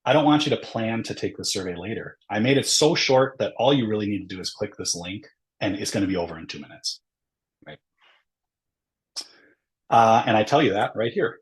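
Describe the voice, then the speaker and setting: Man, fairly low voice, webinar presenter, casual explanations, frequent tag questions. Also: low-quality recording. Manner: explains step by step with ums and uhs. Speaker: workshop presenter. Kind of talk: webinar lecture.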